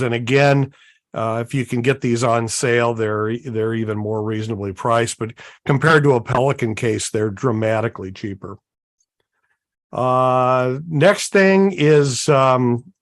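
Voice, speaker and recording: Unhurried folksy man co-hosting. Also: mid-range voice, fairly bright tone, no echo. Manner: unhurried, folksy, many fillers. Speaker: co-host. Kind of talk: casual show-and-tell chat.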